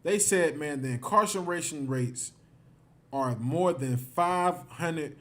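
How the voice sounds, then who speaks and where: A man with a somewhat high-pitched voice leads a livestreamed scripture class. He talks emphatically, circling back over the same points and tagging phrase after phrase with "man". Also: slow pace. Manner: emphatic, repeats himself, ends phrases with "man". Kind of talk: livestreamed teaching.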